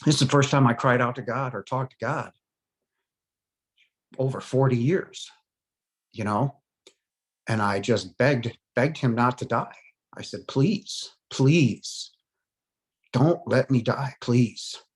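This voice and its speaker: A man in his forties, a near-death experience survivor, gives a personal testimony in a mid-range voice. He speaks earnestly and haltingly, with frequent pauses and fillers, and his voice softens into hushed moments.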